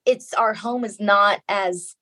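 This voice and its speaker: A woman's voice: medium pitch, takes it slowly, a bit bright. A middle-aged woman, a guest author in a casual interview, talking earnestly and repeating phrases for emphasis.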